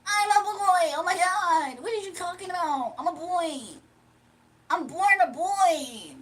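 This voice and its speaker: A woman voicing a scrawny young man with a high, whiny, exasperated voice who gets flustered easily. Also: a little slow.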